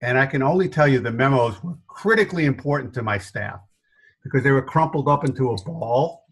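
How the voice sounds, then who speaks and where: A middle-aged man whose faint New York accent slips through as he answers interview questions. He tells stories in a lively, self-deprecating way and laughs often, and his voice sits in a medium register. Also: medium pitch, brisk, breathy edge, low-quality recording. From New York area. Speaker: guest consultant.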